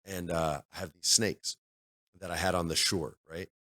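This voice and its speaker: A man co-hosting a podcast, telling a gaming story casually and acting out other players' voices in loud bursts. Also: sits low, steady tone, normal speed. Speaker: podcast co-host. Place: studio.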